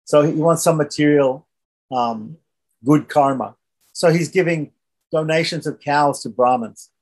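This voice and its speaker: A man with a husky, somewhat high voice leads a scripture class. He retells the story in a relaxed, conversational manner and keeps asking his listeners "right?". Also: unhurried. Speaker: religious teacher.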